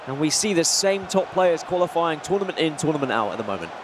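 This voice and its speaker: A man's voice: a little high, big pitch swings, quick pace, background noise. A man providing colour commentary on an esports football match, explaining play in a chatty, analytical way.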